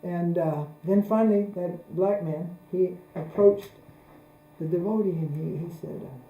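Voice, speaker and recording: Male spiritual teacher, very dark mellow tone, roomy echo, unhurried delivery. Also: fairly high pitch, fairly even intonation, slight background noise. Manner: unhurried, repeats phrases for emphasis. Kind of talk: spoken religious discourse.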